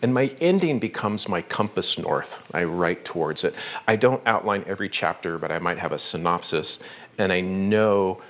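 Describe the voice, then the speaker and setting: Een lage mannenstem die levendig vertelt. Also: male voice, deep voice, normal speed. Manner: animated storytelling with fillers. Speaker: author at a library talk. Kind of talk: conversational author talk.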